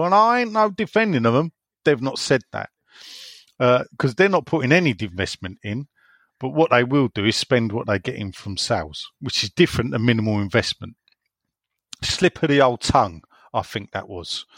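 A man's voice: mid-range voice, animated, moderate pace, no echo. A chatty man hosts a football podcast, his voice rising and falling freely as he drifts into opinionated asides. The sound is close and dry, with no room around it. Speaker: podcast host reading listener messages. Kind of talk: casual football podcast chat.

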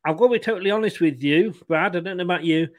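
A man hosting a casual live fan stream, chatting quickly and reading out viewer comments. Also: sits high. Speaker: fan channel host.

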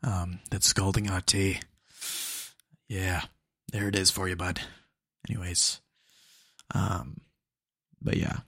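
Speaking slowly with long pauses, this young man hosts a podcast and shares retail stories casually, full of slang and fillers. His deep, husky voice stays level in tone yet sounds fairly bright. It's a dry, studio-quality recording.

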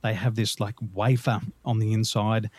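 Man, Australian accent, guest interview, animated storytelling, laughs often, dry recording. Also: lowish voice, normal speed, no echo. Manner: animated, laughs through his own stories.

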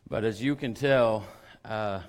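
A middle-aged male pastor with a worn, raspy voice, hoarse from overuse. He preaches in a low register, in an easygoing, chatty way with plenty of fillers. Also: slow pace. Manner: folksy, conversational preaching with many fillers. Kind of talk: sermon.

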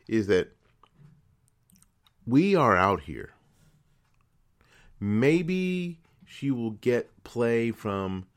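A man with a lowish voice runs a political commentary podcast. He talks indignantly and emphatically. He stacks rhetorical questions and stumbles through repeated words as he presses his case. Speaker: podcast host.

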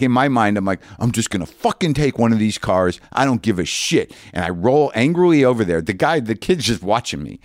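A man's voice: on the low side, dry recording. Dry-voiced man telling a comic story. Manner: animated, profane, self-mocking, lots of restarts. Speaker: podcast host.

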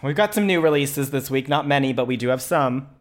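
A man's voice: mid-range voice, fairly quick. Laughing, playful male podcast co-host. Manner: laughs often, playful and sarcastic. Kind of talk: casual chat.

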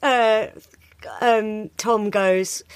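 A woman co-hosting a podcast in casual chat, animated and swearing freely, often quoting lines in put-on voices. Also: medium pitch, extremely slow, no echo. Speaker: podcast co-host.

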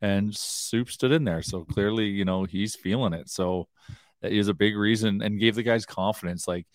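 A man with a low voice co-hosts a hockey talk show from his home basement. He rambles loosely, full of fillers and restarts. The sound is dry, with no room echo. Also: normal speed. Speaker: co-host, hockey analyst. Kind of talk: casual sports talk show. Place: home basement, door closed.

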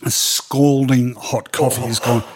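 A middle-aged Australian man recounting his years as a sports journalist in a relaxed interview. His voice sits at a medium pitch, and he speaks animatedly, with frequent ums and laughs. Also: measured pace, a little hiss or hum. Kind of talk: animated storytelling in a podcast interview.

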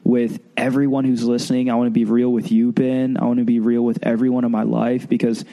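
A man's voice: mid-range voice, little pitch movement, brisk, gravelly, dark tone. A man co-hosting a podcast in casual chat, a bit stuffy from a sinus cold, earnest and easygoing. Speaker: podcast co-host.

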